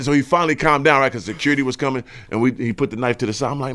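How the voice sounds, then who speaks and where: A man's voice: mid-range voice, racing, few pauses. A man hosting a podcast, telling a story in casual slangy speech and acting out the quoted lines in a raised voice. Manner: animated, acts out quotes in raised voice; slangy, profane. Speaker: podcast host.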